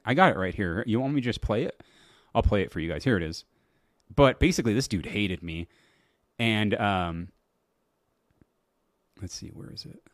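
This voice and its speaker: A man with a lowish voice hosts his own podcast, recorded dry. In loose, casual solo talk, he laughs at his own stories and swears a lot.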